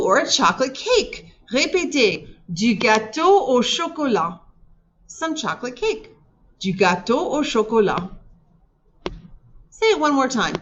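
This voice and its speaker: A woman teaching a recorded French lesson, slowly modeling words for learners to repeat and prompting them warmly between drills. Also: a little high. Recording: dull lo-fi recording.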